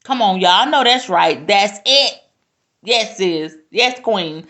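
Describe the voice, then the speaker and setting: On a live stream captured by phone or webcam, a woman who teaches spirituality speaks slowly with emphatic, preacherly passion, sometimes close to tears. Her medium-pitched voice is expressive and fairly bright.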